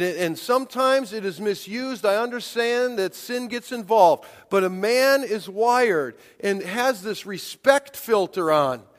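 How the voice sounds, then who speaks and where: A man in his forties preaching a sermon, emphatic and pushing hard on his key points. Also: very high-pitched. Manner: emphatic, rising to near-shouts on key points. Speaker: pastor. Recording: long hall reverb.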